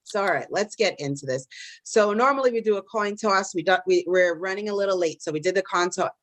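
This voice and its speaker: A woman's voice: medium pitch, a little fast, no echo. Chatty woman hosting a live debate. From Caribbean diaspora in the US. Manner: chatty, many fillers and restarts, self-deprecating. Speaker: podcast host and debate moderator. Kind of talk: casual live-stream moderation.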